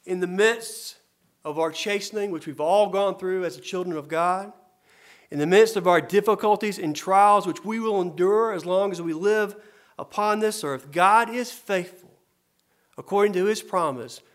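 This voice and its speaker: A man preaching a sermon as a pastor, earnest and repetitive for emphasis, dropping to soft murmurs and rising to loud, emphatic cries. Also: high voice, lively intonation, unhurried. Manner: earnest, repeats phrases for emphasis.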